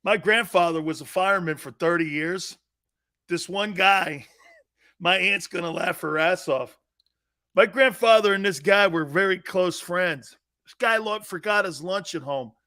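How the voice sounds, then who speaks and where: A man with a bright, high-pitched voice hosts a sports talk show, telling animated stories in between reading viewer comments on a casual live stream. He talks loosely and at a measured pace, laughing hard at his own jokes.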